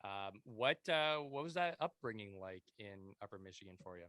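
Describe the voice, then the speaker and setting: A man's voice: fairly low pitch, normal speed, a bit bright, no room sound. A man in his thirties with a Canadian accent, hosting a casual podcast interview from his basement, chatty and rambling, often repeating words. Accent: Canadian English. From Montreal, Canada. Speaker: podcast host. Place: home basement.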